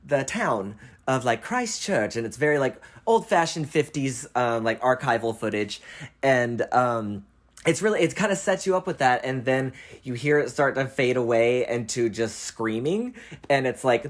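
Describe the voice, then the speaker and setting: A young man hosting a casual film chat, animated and quick to laugh, swearing freely and acting out lines as he talks. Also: mid-range voice. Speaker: host.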